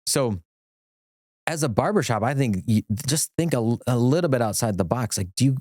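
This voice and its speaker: A middle-aged man, an attorney, chatting as a podcast guest, enthusiastic and rambling with quick restarts. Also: mid-range voice, animated, a little mellow, no room sound, clean studio sound. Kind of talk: casual podcast conversation.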